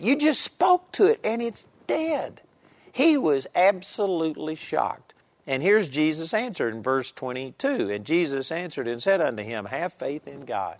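A man's voice: mid-range voice, dry recording. A man preaching a sermon and teaching from a Bible text in an earnest, emphatic way. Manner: earnest, emphatic, varying loudness.

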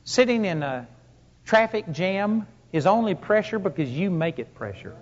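A man's voice: sits high, sing-song, moderate pace. A man preaching a sermon to a congregation, telling stories with emphatic rises and punchy lines. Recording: long hall reverb, dull lo-fi sound.

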